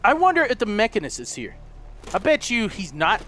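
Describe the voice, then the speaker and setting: A young man doing let's play commentary, excitable, yelping and swearing at the enemies he fights. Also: high-pitched, brisk, slight background noise. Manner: excitable, yelps and shouts at the game; swears, trash-talks enemies. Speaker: gaming YouTuber.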